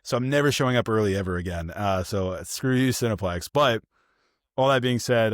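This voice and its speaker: Man, podcast co-host, casual film chat, animated storyteller, mid-pitched voice, dry close sound. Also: normal speed, no echo. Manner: animated storytelling, acts out quoted people.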